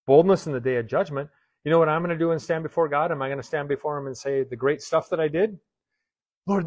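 A man preaches a sermon, peppering it with rhetorical questions. His voice sits a little high for a man, and he shifts from hushed lines to sudden loud ones. The sound is close and dry, with little room around it. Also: no echo, lo-fi sound. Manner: rhetorical questions, swings between soft and loud.

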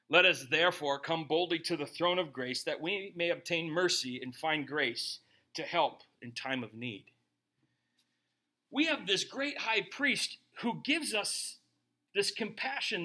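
A middle-aged male pastor preaching a sermon, emphatic and animated, often tagging points with rhetorical asides to the congregation. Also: fairly high pitch.

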